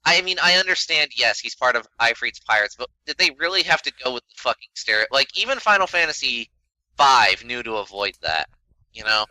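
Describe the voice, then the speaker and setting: A man's voice: medium pitch, very animated, fairly quick, bright, forceful tone, dry recording, poor audio. A man in a casual podcast discussion, blunt and exasperated, who swears freely.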